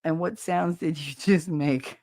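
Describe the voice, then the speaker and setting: A woman hosting a casual livestream chat, reading comments aloud and answering them in a brash, swearing way, with frequent laughter and quick mimicry. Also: low voice, fairly even intonation, a little mellow, dry recording, clean studio sound. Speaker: podcast host reading chat.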